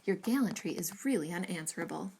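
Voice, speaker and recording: A woman's voice: on the low side, lively intonation, brisk, creaky, darkish tone, slight background noise. A woman reading aloud, voicing a witty young lady who banters archly. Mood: bantering. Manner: arch and bantering.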